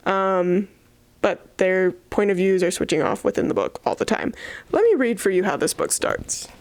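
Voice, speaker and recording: Chatty young woman with vocal fry. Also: mid-range voice, animated, normal speed, dry recording. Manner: chatty, sarcastic, full of fillers. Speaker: book reviewer. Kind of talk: casual book commentary.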